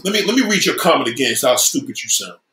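A man's voice: mid-range voice, sing-song, fast talker, a bit bright, echoey room, slight background noise. A man hosting a livestream, reading viewer comments and ranting with heavy swearing, mocking and repeating himself. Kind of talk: profane livestream rant.

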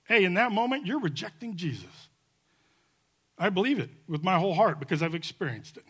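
A man preaching a sermon as pastor, fiery and emphatic, building to near shouts and then dropping soft and low. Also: sing-song, brisk, husky.

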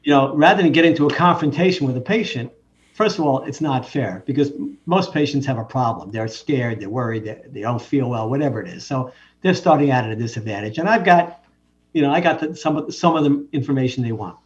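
A man's voice: medium pitch, brisk, recorded from a distance. A man, a physician guest, telling anecdotes in a casual conversation, often breaking off and restarting his sentences. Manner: anecdotal, with frequent self-interruptions. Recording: dull, muffled lo-fi sound.

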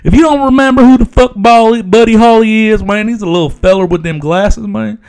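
A man's voice: high-pitched, fairly quick, darkish tone, clear, resonant tone. A man voicing a rambling, foul-mouthed stoner from Amarillo, hosting in character and tacking "man" onto nearly every phrase. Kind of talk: improvised comedic character monologue.

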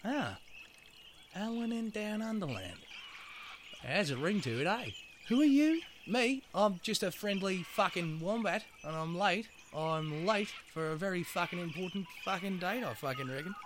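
A man's voice: high voice, expressive, moderate pace, voice pushed up. Man voicing a brash Aussie wombat, crude slang, noisy room tone. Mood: chatty. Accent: Australian. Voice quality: swearing, slangy, matey drawl. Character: foul-mouthed laid-back male wombat.

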